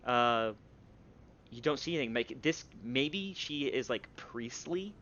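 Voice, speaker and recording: A man narrating as game master for a tabletop game, talking in a halting way with many fillers. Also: medium pitch, animated, fairly bright tone, dull audio.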